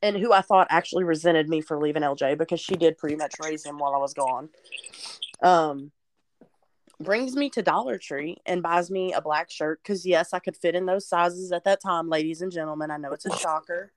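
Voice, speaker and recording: A woman's voice: deep voice, normal speed, slight background noise. A young woman telling her personal testimony in a candid, chatty way, sometimes close to tears. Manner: candid, chatty, at times tearful. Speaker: podcast guest sharing testimony. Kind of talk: personal storytelling.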